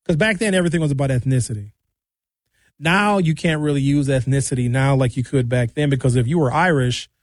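A man's voice: on the high side, no room sound, clean studio sound. A man delivering a ranting monologue as a commentator, emphatic, sarcastic and preachy.

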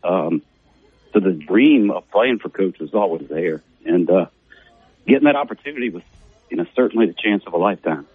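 A man's voice: deep voice, lively intonation, a little fast, slightly rough, no room sound. A middle-aged man, a former player as a guest on a casual radio interview, rambling with many fillers. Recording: dull narrow phone-like radio audio, dry.

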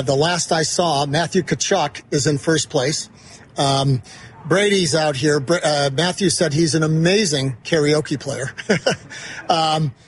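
A man's voice: a little high, a little hiss or hum. A man who runs an investment firm, chatting as a guest in a casual interview and telling stories with lots of fillers. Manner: chatty, storytelling with many fillers. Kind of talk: casual interview at a golf tournament. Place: outdoor broadcast studio at a golf event.

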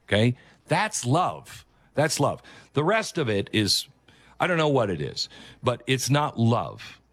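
Clean, dry studio audio captures this man's mid-range, slightly bright voice, which swings hugely in pitch at a measured pace. Hosting a commentary show, he gives earnest, emphatic opinions on a video clip and keeps returning to his key phrases.

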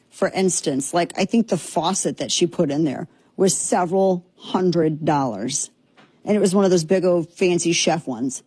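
A woman's voice: fairly low pitch, dark tone, husky, dry recording. A woman hosting a commentary show, talking in an opinionated, sarcastic way and slipping into mocking impressions.

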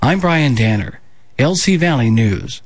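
A man in a radio studio reading local news bulletins in a steady, measured delivery. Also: medium pitch, breathy edge, dry recording. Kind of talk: scripted local news read.

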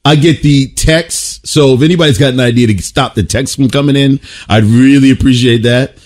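A man's voice: mid-range voice, moderate pace, darkish tone. A man co-hosting a casual chat, talking in a conversational way with restarts.

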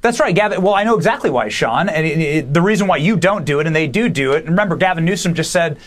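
High-voiced man ranting fast. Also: expressive. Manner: emphatic, rapid, preachy. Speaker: guest podcaster. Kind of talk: political commentary.

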